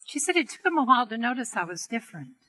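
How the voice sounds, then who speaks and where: A middle-aged woman teaches on healing prayer through a gentle, earnest story. Her voice is bright and a little breathy, and she softens it for the quoted lines. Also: on the high side, very animated, racing, rough recording. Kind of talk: storytelling talk to a seminar audience.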